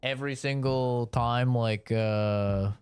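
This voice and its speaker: A man streaming a horror game, rambling with animated, profane commentary. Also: medium pitch, takes it slowly, smooth. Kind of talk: live gameplay commentary.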